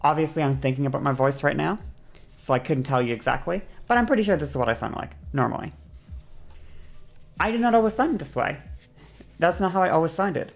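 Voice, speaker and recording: Brief: woman streamer, low and gravelly, loose rambling explainer who slides her voice up and down to demonstrate. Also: fast talker. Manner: rambling, self-correcting, laughs often. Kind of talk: casual livestream explainer.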